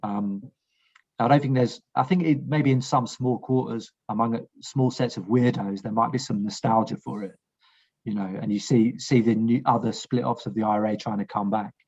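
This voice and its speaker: A man's voice: medium pitch, fairly even intonation, moderate pace, a little mellow, husky, highs cut off. A man talking as a veteran guest on a podcast, frank and blunt, swearing and restarting his sentences. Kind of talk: casual podcast conversation.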